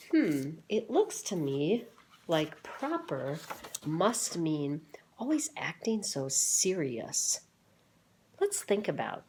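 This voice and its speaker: Low-voiced teacher lady reading a picture book to kids, slow and gentle, stops to ask questions. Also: slight background noise. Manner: gentle, pauses to ask children questions and wonder aloud.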